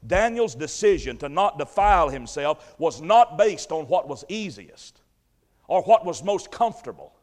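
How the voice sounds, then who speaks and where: A man preaching a sermon, retelling a story vividly and emphatically with repeated phrases. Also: high voice. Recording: long hall reverb.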